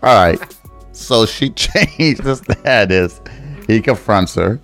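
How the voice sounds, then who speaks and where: A man's voice: on the low side, animated, slow pace, fairly bright tone, faint music behind. Blunt, opinionated podcast host man. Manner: blunt, opinionated, swears and teases. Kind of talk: casual true-crime chat.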